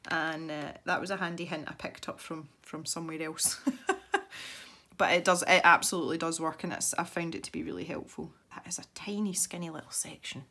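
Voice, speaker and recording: A woman with a Scottish accent and a slightly low voice talks her viewers through her painting in a relaxed, meandering way. She thinks aloud and drifts happily into side stories. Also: a little fast. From Scotland. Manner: chatty, thinks aloud, rambling asides. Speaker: art channel host. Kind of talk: casual chat while painting.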